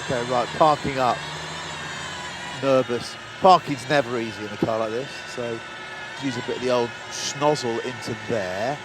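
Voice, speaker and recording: A man with a mid-range voice speaks at normal speed, hosting a car review with a running commentary that's chatty and self-deprecating as he drives. Loud traffic and car noise surround him inside a car and on a town street.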